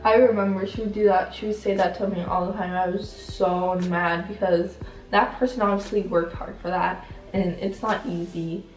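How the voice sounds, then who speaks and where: A shy teenage girl co-hosting a casual sit-down chat, soft-spoken and hesitant, full of fillers. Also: medium pitch, fairly even intonation, normal speed. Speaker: channel co-host. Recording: roomy sound, mic at a distance, faint music.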